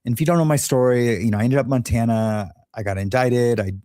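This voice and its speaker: A Los Angeles man hosts a show, spinning a rambling, candid story in a casual monologue and laughing at his own jokes. His mid-range voice is warm and quick-paced, recorded in clean studio sound with no room noise.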